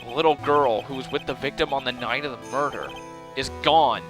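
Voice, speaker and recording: A man voicing a wry young male defense lawyer in a dry, deadpan way. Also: mid-range voice, fairly quick, music in the background, natural voice.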